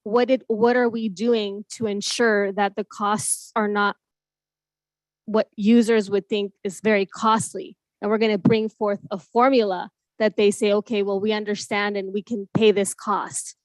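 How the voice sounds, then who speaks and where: A woman's voice: mid-range voice, little pitch movement, unhurried, no room sound. A woman council member questioning staff, persistent, explaining her point step by step. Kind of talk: formal questioning in a meeting.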